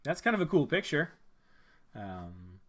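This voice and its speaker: A man hosting a casual live stream, reviewing viewers' channels. He thinks out loud, rambles a bit with fillers and restarts, and gives friendly advice. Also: medium pitch, very animated, unhurried.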